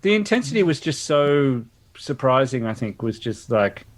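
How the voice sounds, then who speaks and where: Lively man, animated and jokey. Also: mid-range voice, moderate pace. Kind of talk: casual chat.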